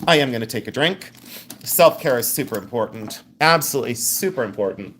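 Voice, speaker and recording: A man's voice: medium pitch, lively intonation, brisk, a bit bright, a little hiss or hum. A man hosting a live jewelry sale, chatting casually, joking and laughing as he describes rings and pendants with enthusiasm. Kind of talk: live sales stream chat.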